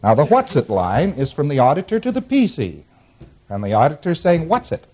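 A man's voice: fairly high pitch, wildly swooping pitch, a little fast, darkish tone. A man giving a classroom lecture. He walks through diagrams on a board, chuckles now and then, and acts out short examples as he explains. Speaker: instructor.

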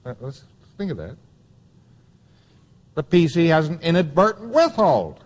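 A man's voice: on the high side, very animated, unhurried, big-room sound. A man giving a taped lecture to students, emphatic and wry, repeating key phrases for weight.

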